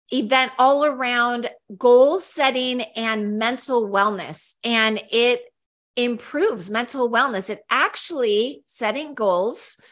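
A woman's voice: fairly high pitch, pushed and bright. A woman co-hosting a casual podcast, talking in a chatty, upbeat way with frequent fillers and restarts. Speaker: podcast co-host.

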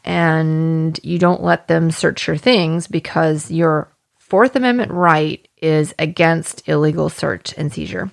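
A woman's voice: low voice, steady tone, a little slow, vocal fry. A woman hosting a true-crime podcast, explaining legal points in a plain, conversational way. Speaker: podcast host.

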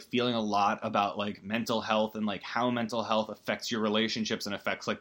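A man's voice: fairly low pitch, a bit bright. A man giving a casual, rambling movie recap as a podcast host, full of fillers and wry emotion.

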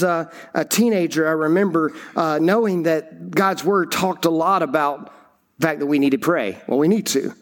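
A middle-aged man, a campus pastor, giving a conversational sermon full of stories and fillers. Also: high-pitched. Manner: conversational, anecdotal storytelling with frequent fillers.

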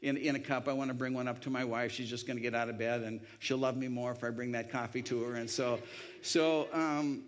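A man tells a personal story in a rambling, conversational way. He restarts often and voices the people he quotes. His pitch sits in the middle range. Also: steady tone, fairly quick. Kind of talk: anecdotal storytelling.

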